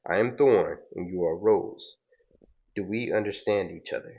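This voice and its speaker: A man's voice: low-pitched, moderate pace, creaky, a little mellow. A man voicing a cold, formal male villain who threatens in clipped tones over a dull, lo-fi recording. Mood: coldly menacing.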